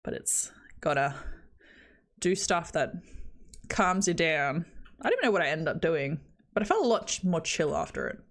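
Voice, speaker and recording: A woman's voice: low voice, animated, normal speed, long pauses. A young Australian woman streaming, chatting casually with her viewers in a self-deprecating way and laughing often.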